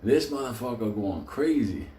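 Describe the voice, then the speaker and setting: A man's voice: lively intonation, normal speed, echoey room, a little hiss or hum. A man telling a wild story in a comic, profane way, swearing constantly and laughing as he talks. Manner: shouts acted quotes in a high voice.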